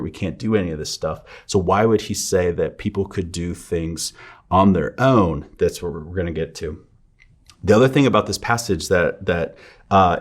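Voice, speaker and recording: A middle-aged man, a seminary lecturer, giving a conversational lecture on scripture, asking rhetorical questions and often checking in with "right?". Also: deep voice.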